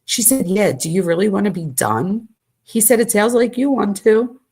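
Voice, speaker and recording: Animated woman with a gravelly, husky voice. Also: mid-range voice, moderate pace. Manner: animated, exasperated asides. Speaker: true crime commentator. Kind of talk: reading messages aloud with commentary.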